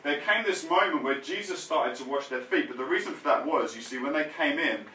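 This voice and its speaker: A man preaching a sermon, telling the story in a lively way with casual slang. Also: fairly high pitch, brisk, recorded from a distance, slight background noise. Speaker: pastor. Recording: roomy sound, mic set back from speaker.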